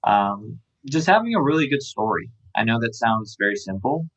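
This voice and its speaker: A startup founder talking casually in an interview, relaxed and rambling, with many fillers. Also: male voice, mid-range voice, normal speed, dull audio. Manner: relaxed, filler-heavy, lots of "um" and "like".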